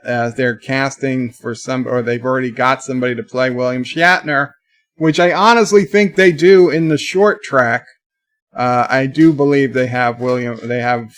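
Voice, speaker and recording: A man hosting a casual livestream, rambling through a story with animated outbursts and reading viewer chat aloud. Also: mid-range voice. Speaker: live stream host.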